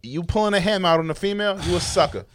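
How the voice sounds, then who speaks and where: Man, slightly high voice, blunt profane banter. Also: quick pace, a bit bright. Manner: loose, profane, heated banter. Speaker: podcast co-host. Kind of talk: casual chat.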